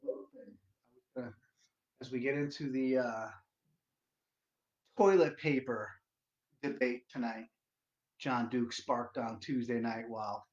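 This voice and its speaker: A man hosting a casual solo livestream, loud and profane, rambling to his viewers. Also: medium pitch. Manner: loud, profane, rambling, sings along to music. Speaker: livestream host. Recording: dull lo-fi stream audio.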